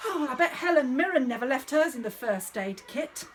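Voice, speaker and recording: A woman's voice: high-pitched, lively intonation, brisk, a faint crowd, slight background noise. A woman playing a fussy, bossy drama director running a school nativity rehearsal, in a theatrical, exasperated comic monologue.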